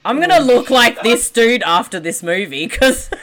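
A woman chatting casually with friends while watching a movie, loud, laughing and swearing at the screen. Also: on the high side, lively intonation, moderate pace, faint music behind. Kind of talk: casual group chat over a movie.

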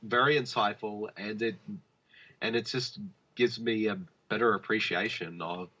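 Speaking a little slowly, this podcast co-host has a voice on the low side with a steady, sharp tone. His casual film review chat wanders, with lots of fillers and restarts, over dull lo-fi podcast sound.

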